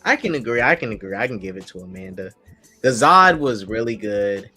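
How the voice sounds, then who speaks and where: A man co-hosting a casual TV review chat, talking with excited energy and stumbling over his own restarts. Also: lowish voice, brisk, husky, faint music behind. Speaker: podcast host. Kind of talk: casual group chat about TV.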